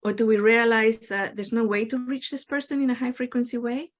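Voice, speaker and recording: A woman hosting a spiritual talk show, calmly explaining her ideas and acting out the replies people give. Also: a little high, fairly quick. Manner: reflective, explanatory, acts out quoted replies. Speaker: host.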